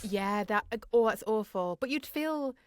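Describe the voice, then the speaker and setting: A woman co-hosting a podcast, chatty and quick to laugh. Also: mid-range voice, expressive, clear, resonant tone, no echo. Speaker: podcast co-host. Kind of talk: casual podcast chat.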